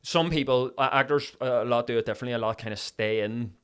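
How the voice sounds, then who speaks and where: A young man in his twenties, an actor guest in a casual podcast chat, telling animated stories and swearing now and then. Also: mid-range voice, quick pace, clear, resonant tone. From Ireland. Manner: animated storyteller, swearing, acts out voices.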